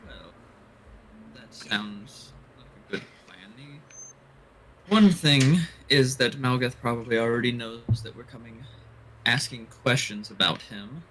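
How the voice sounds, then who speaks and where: A man playing in a tabletop game speaks slowly and carefully in character. He lays things out with hesitant restarts. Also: mid-range voice, fairly bright tone, a little hiss or hum, poor audio. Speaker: player. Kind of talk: in-character roleplay.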